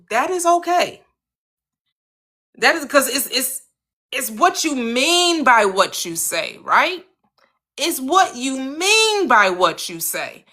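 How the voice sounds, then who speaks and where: An American woman hosting her own channel, giving an earnest motivational talk on manifesting, repeating her points and swinging her pitch up for emphasis. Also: very animated, slow pace, bright, forceful tone.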